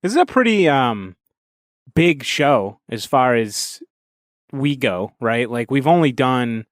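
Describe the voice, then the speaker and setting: A man's voice: medium pitch, animated, takes it slowly, no room sound. A man co-hosting a podcast, chatting casually with frequent hesitations. His voice is recorded dry and close. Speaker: podcast co-host.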